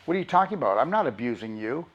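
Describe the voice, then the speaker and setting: A man's voice: medium pitch, sing-song, rapid-fire, lo-fi sound. A man, a doctor, giving an impassioned motivational talk and pressing his audience with rhetorical questions.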